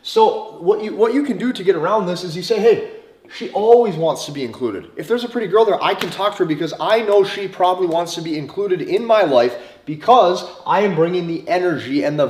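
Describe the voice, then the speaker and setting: A man giving a forceful, repetitive dating lecture, swearing freely. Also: fairly high pitch. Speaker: dating coach. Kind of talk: motivational lecture to camera. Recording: roomy echo.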